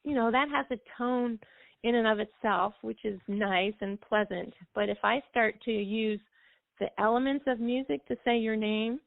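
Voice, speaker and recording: A woman's voice: fairly high pitch, moderate pace, gravelly, no room sound. Woman music therapist on a phone line. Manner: warm, flowing explanations with fillers. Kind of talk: explanatory call-in show talk.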